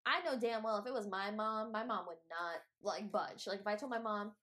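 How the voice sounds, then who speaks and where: A woman's voice: mid-range voice, pushed and bright. A young woman co-hosting a podcast, talking casually in a rambling way, often restarting her sentences. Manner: rambling, restarts, fast bursts, mild cursing. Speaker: podcast co-host. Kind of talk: casual chat.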